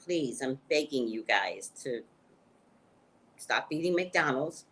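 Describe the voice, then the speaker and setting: An animated woman hosts a psychic livestream from home, chatting straight to her viewers through a webcam mic. She takes her time, and her pitch swings up and down a lot. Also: slow, breathy edge. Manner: animated, talks straight to viewers, laughs often. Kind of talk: casual livestream chat with viewers.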